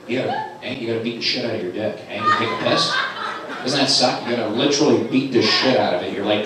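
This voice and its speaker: A middle-aged man doing a stand-up set at a comedy club, telling stories animatedly and jumping into high squeaky voices for other people. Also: a little fast. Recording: live club recording from a distant mic, with an echoey room and crowd noise. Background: audience laughter.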